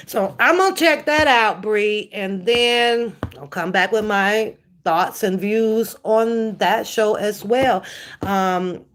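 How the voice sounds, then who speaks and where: Casting: woman streamer, unhurried and slightly high, chatty with viewers. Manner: chatty, reads and answers viewer comments. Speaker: commentary streamer. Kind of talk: casual live-stream chat.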